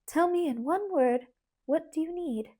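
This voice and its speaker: A woman voicing a bustling, peppery middle-aged schoolteacher aunt with a twang, speaking in a brisk, teacherly manner in an audiobook. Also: very high-pitched, animated, mellow, pitched above the performer's own voice. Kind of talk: audiobook character voice.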